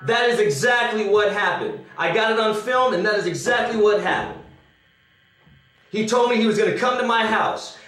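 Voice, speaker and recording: A man's voice: high-pitched, moderate pace, a bit bright. Defiant, repetitive, profane man arguing; echoey room, distant mic. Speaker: actor. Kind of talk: heated confrontation on camera.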